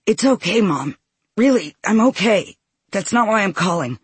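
Male reader voicing a nervous, hopeful young woman; husky, gravelly, high, dry. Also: expressive, moderate pace, no room sound, full character voice. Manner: soft, higher-pitched tone.

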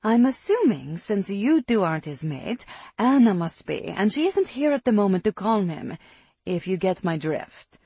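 A woman's voice: mid-range voice, very animated, moderate pace, warm tone, breathy edge, no echo, voice pushed up. Narrator voicing a dry, knowing she-wolf.

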